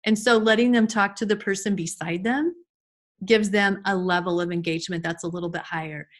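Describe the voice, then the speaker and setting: A woman's voice: medium pitch, steady tone, brisk. A woman giving an informal online class to teachers over a video call, chatty with frequent restarts and fillers. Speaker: early childhood trainer.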